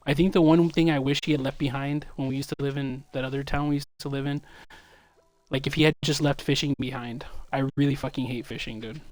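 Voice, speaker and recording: A man's voice: mid-range voice, steady tone, a little fast, no echo. A young man streaming a game, telling loose, profane stories in casual chat.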